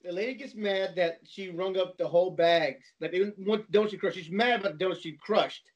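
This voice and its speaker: A man spins a long anecdote in loose, casual conversation, stumbling over restarts and repeating himself as he goes. His voice sits quite high for a man. The recording is dull and lo-fi. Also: fairly even intonation, fairly quick. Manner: rambling, with many restarts and repeated words. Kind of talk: casual storytelling chat.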